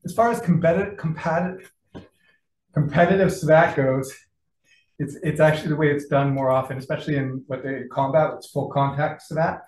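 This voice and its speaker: In a training gym, a man with a fairly high, steady, brisk and slightly mellow voice teaches a martial arts class. He calls out combinations and checks in with his students while sounding out of breath, and the recording captures the echoey gym from far off.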